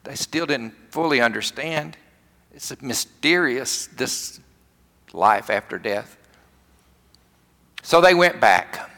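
Southern US male pastor, emphatic storyteller, bright tone, long church reverb. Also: medium pitch, animated, slow, pauses often. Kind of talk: sermon.

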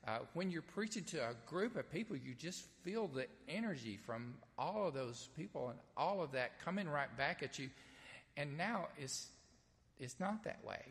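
A man's voice: a little high, expressive, normal speed, fairly bright tone. A man preaching a sermon to a nearly empty church, speaking in a conversational, earnest way with hesitant restarts. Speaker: pastor. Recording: long church reverb.

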